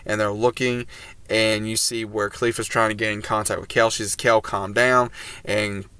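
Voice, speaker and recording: A man's voice: lowish voice, flat delivery, normal speed, bright, forceful tone, smooth, no echo. A man giving a casual, rambling recap of an anime episode as a reviewer, with fillers and restarts.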